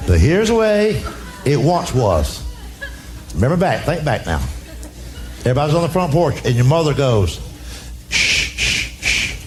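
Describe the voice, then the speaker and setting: A man's voice: mid-range voice, big pitch swings, moderate pace, long pauses, music in the background. A man with a Southern US accent doing folksy stand-up storytelling, drawling his punchlines. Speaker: stand-up comedian. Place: comedy stage before an audience. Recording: roomy live show with loud crowd laughter.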